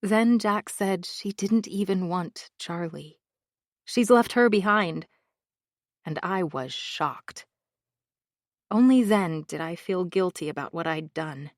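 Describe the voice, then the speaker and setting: A woman's voice: lowish voice, takes it slowly, dry recording, clean studio sound. A woman narrating a thriller audiobook in the first person, in an intimate, confessional manner.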